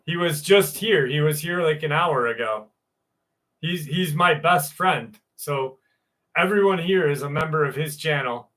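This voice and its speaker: A man's voice: fairly high pitch, a little slow, fairly bright tone. A man in his forties hosting a livestream, answering viewers in casual, rambling chat with candid, crude humor. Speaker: livestream host.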